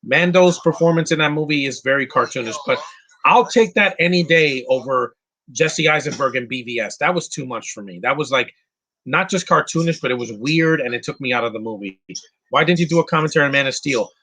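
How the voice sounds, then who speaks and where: A man's voice: mid-range voice, fairly quick, bright, forceful tone. A man giving casual live commentary on a movie, answering chat questions bluntly with frequent restarts and fillers. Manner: opinionated, blunt, insulting.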